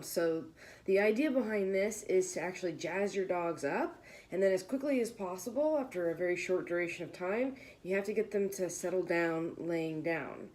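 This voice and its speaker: Chatty woman dog trainer, slightly low voice. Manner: relaxed, chatty, with fillers. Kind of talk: casual instructional video.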